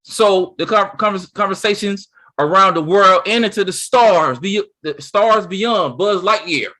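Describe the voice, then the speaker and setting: A man co-hosting a casual chat, talking excitedly and rambling, with many restarts. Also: high voice, a little slow. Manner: excited, rambling, with lots of restarts and "you see what I'm saying". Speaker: co-host.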